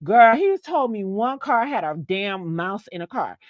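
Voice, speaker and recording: A woman hosting a stream, telling a story in a chatty, animated way, swearing freely and calling the listener "girl.". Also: medium pitch, a little slow, dry recording, muffled recording. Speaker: host. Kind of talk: casual storytelling on a live stream.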